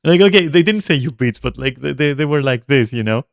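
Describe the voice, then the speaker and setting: A man streaming a game talks loosely over his play, rambling from thought to thought with plenty of fillers and swearing. His voice sits at a middling pitch and is recorded close and dry, with no room sound. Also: moderate pace, creaky, few pauses, no room sound. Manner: rambling, profane, with frequent fillers. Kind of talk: casual gameplay commentary.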